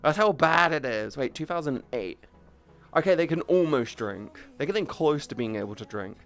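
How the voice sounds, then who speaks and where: A woman's voice: deep voice, expressive, normal speed, soft background music. A woman livestreamer in casual chat with viewers, rambling and chatty, breaking off to greet people, on a headset mic. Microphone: headset boom mic.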